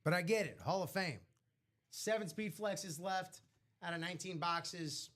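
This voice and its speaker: A man hosting a live sports memorabilia break stream, chatting casually with slangy, animated asides. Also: high voice, unhurried.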